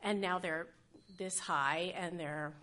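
A woman's voice: lowish voice, steady tone, takes it slowly, bright, forceful tone. A middle-aged woman tells a true personal story on stage, self-deprecating and acting out the voices of others.

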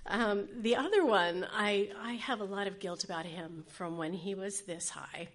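A woman's voice: medium pitch, moderate pace. A middle-aged woman tells a true personal story on stage, self-deprecating and acting out the voices of others.

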